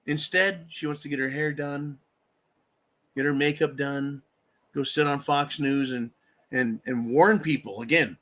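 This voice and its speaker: This livestream host has a slightly high, bright voice with a forceful edge. Furious and cursing constantly, he delivers a political rant while thanking viewers who donate.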